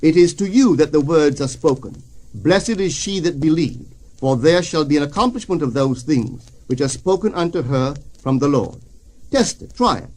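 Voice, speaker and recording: A man reading a spiritual lecture aloud in a measured, solemn way, slowing down for quoted passages. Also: on the high side, animated, darkish tone.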